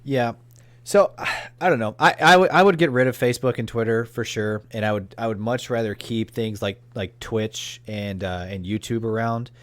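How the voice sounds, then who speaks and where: A man co-hosting a podcast, talking in a halting way with many restarts. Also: mid-range voice, fairly bright tone, dry recording. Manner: halting, full of restarts and fillers. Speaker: podcast co-host. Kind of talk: casual chat.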